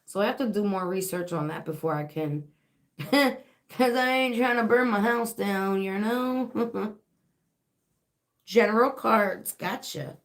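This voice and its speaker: A woman's voice: mid-range voice, a bit bright. A woman with a sore, dry throat, hosting a casual livestream as a spiritual reader and shop owner, chatting in a rambling way with lots of fillers and laughs.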